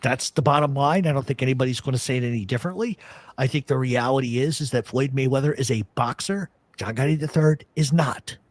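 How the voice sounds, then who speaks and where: A quick-paced, mid-range male voice with no echo belongs to a radio talk show host. He swears freely, spinning stories and making blunt arguments in a casual chat.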